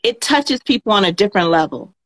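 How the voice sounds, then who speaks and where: A woman's voice: medium pitch, expressive, brisk, rough recording. A woman from North Carolina hosting a talk show, speaking encouragingly and repeating phrases for emphasis. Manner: encouraging, talkative, repetitive emphasis. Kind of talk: interview chat.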